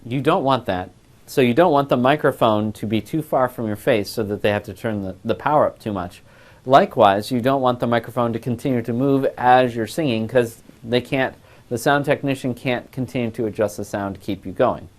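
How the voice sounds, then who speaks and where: A man's voice: medium pitch, brisk. A male voice class instructor giving a recorded lecture on a lapel mic, explaining patiently and step by step.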